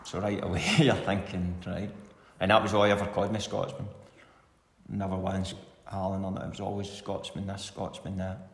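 Speaking fairly quickly in a low, completely flat voice, a middle-aged Scottish ex-footballer rambles through anecdotes in a relaxed interview and chuckles occasionally. The recording has long reverb from an echoey room, plus faint hiss.

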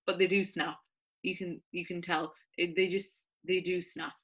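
Bright-voiced woman guest. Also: fairly low pitch, level tone, normal speed, breathy edge. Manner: enthusiastic, rambling storyteller. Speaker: podcast guest. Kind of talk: casual chat.

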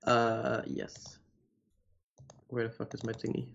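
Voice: mid-range voice, monotone, slow pace, vocal fry, lo-fi sound, a little hiss or hum. A tabletop game player who jokes around while playing a character. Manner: joking, playful.

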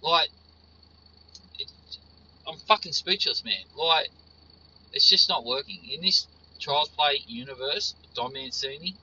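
A man's voice: a little high, measured pace, pauses often, pushed and bright, dull audio. Man, casual profane rant, frustrated, repeats himself, piercing tone, faint vehicle hum behind. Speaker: horror fan reviewer.

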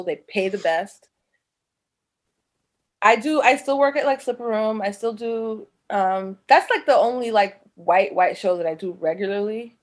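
A woman from New York who performs burlesque, talking frankly in a casual chat with slang and frequent laughter. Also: medium pitch.

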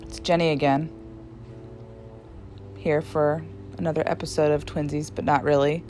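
A woman's voice: low-pitched, flat delivery, moderate pace, a little mellow, a little hiss or hum. Dry-teasing woman podcast host. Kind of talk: casual chat.

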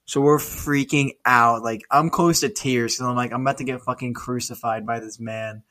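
A man's voice: medium pitch, normal speed. A young man, a podcast co-host, telling stories in casual chat, swearing often and laughing along. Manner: swears often, animated storyteller, laughs mid-story.

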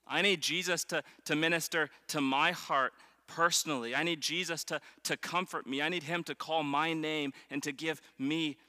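A man's voice: fairly high pitch, steady tone, moderate pace, sharp tone. A young man preaching a sermon as a pastor, earnest and emphatic, often restarting phrases as he tells stories. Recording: long reverb of a large hall.

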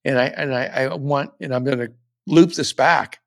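Middle-aged man, podcast host, gravelly voice, dry close sound, earnest and reflective. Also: medium pitch, steady tone, normal speed, no echo. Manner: earnest and reflective, with frequent restarts. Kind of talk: personal storytelling on a podcast.

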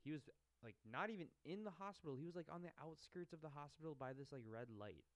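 A man's voice: a little high, quick pace, no room sound. A young man co-hosting a casual movie recap, swearing freely and acting out lines from the film. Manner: profane, animated retelling with shouted mock quotes. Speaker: podcast co-host.

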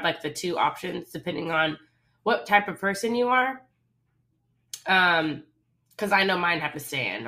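A young woman co-hosts a casual podcast with a bright, crisp voice and a slight lisp. She keeps an upbeat tone and often turns to address her listeners directly. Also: deep voice. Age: young adult. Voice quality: slight lisp from dental aligners. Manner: upbeat, talks straight to listeners. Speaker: podcast co-host. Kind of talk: casual chat.

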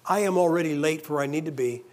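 A man's voice: on the high side, lightly acted. A man preaching, voicing a stranded traveler who apologizes in a hurry and later tells how grateful he is. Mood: apologetic. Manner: hurried, apologetic.

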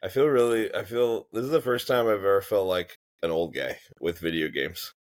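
A man hosting a podcast, laid-back and joking, with quick interjections. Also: deep voice, no echo. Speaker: podcast host. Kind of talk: casual chat.

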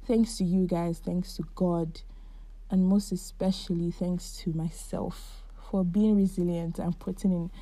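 A woman's voice: on the low side, flat delivery, measured pace, dry recording. A woman in her twenties hosting her own podcast, talking through her feelings in a heartfelt, chatty solo monologue. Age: 20s. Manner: warm, heartfelt and chatty, with frequent likes. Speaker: podcast host.

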